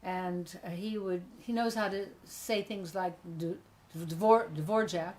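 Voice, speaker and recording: A woman's voice: lowish voice, fairly even intonation, measured pace, darkish tone, slight background noise. Chatty woman hosting a live stream. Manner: laughing, chatty, teasing. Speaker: host. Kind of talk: casual live-stream chat.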